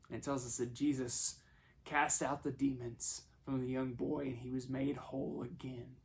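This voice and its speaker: A man preaching a sermon, telling the story and acting out the voices he quotes, moving between hushed and loud passages. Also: medium pitch, little pitch movement, moderate pace, creaky.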